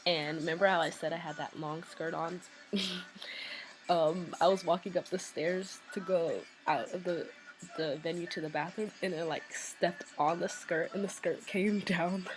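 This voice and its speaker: A woman vlogger casually telling a story, chatty and excited, with lots of "like" and "um" fillers. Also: on the low side, moderate pace, faint music behind, low-quality recording.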